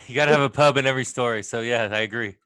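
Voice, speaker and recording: Man, tabletop player, casual, mid pitch, dry sound. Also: racing, sharp tone, clear, resonant tone, no room sound. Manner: easygoing, laughs often.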